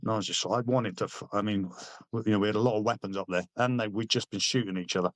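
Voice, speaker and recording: Man, middle-aged, from Britain, low voice, dry sound, blunt, sweary, halting. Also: fairly even intonation, dry recording. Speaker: army veteran guest. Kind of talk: casual interview storytelling.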